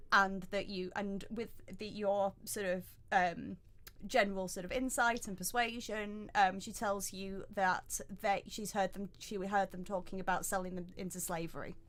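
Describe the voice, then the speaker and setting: A woman's voice: medium pitch, fairly bright tone. A woman narrating as dungeon master for a tabletop game, hesitant, with many fillers and restarts.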